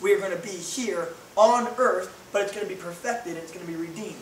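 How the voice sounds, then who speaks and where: A man's voice: high-pitched, brisk, a little hiss or hum. A man preaching a sermon as pastor, telling stories with playful voiced asides. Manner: animated storytelling with voiced asides. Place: church hall. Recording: echoey hall from far off.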